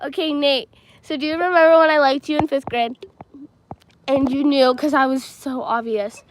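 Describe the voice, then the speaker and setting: Teen girl, high voice, rambling chatty storytelling, phone livestream, outdoors, faint background noise. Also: fairly even intonation, moderate pace, low-quality recording. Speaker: livestreaming vlogger. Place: outdoors at a school field and playground. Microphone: handheld phone.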